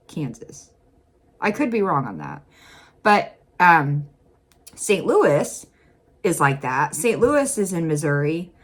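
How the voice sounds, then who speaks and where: Chatty woman vlogger from Illinois. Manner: chatty, laughs often, pitch jumps up when emphatic. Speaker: reaction vlogger. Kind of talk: casual reaction commentary.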